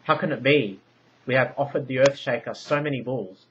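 A man's voice: medium pitch, animated, normal speed, fairly bright tone, slight background noise, natural voice. A man reading a story aloud, voicing an anxious Minoan queen who pleads and presses with urgent questions. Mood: pleading. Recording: dull lo-fi recording.

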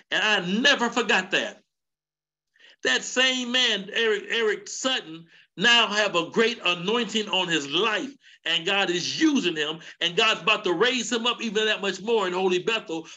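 A middle-aged man, an elder preaching to a men's church gathering in a fervent cadence that climbs into shouts. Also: high voice. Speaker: elder teaching a men's session. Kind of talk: sermon.

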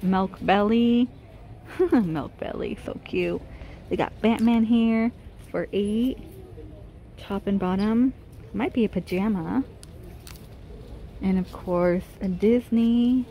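A woman with a mellow, medium-pitched voice vlogs on her phone while shopping in a large retail store, chatting about prices and gushing over cute items. A faint hiss or hum is audible.

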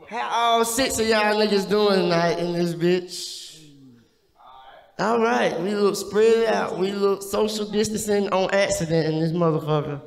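A man's voice: high-pitched, vocal fry. A man doing a stand-up set on a small club stage, profane and often laughing at his own jokes. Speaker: stand-up comedian. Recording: echoey room, long reverb.

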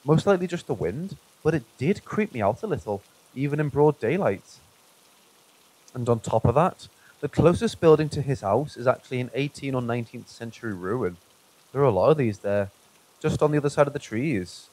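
Man calmly narrating ghost stories. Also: medium pitch, a little fast, low-quality recording. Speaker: narrator reading viewer stories. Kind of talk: scripted narration.

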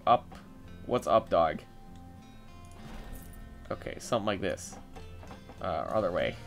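A young man giving casual gameplay commentary, thinking aloud, getting excitable and swearing as he works. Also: sits low, slow pace, vocal fry, faint music behind. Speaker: gameplay video host.

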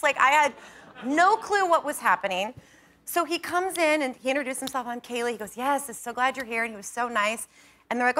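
A woman in her thirties, a talk show guest, telling an animated anecdote, acting out dialogue and laughing as she goes. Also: sits high, a little fast. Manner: animated storyteller who acts out quoted dialogue and laughs often. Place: TV studio.

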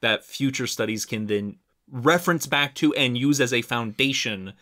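A man co-hosting a casual science podcast at a middling pitch. He explains things in a relaxed, easygoing way and sometimes restarts his sentences. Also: normal speed. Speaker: podcast co-host.

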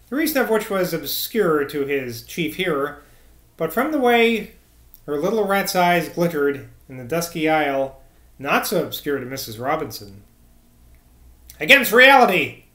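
A man narrating a classic novel as an audiobook reader, in a measured literary manner. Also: fairly high pitch, lively intonation, fairly bright tone. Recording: echoey room.

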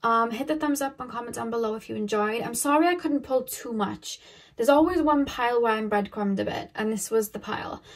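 A woman's voice: on the high side, fairly quick. A woman giving a casual pick-a-card tarot reading to her viewers, rambling and thinking aloud with lots of filler words.

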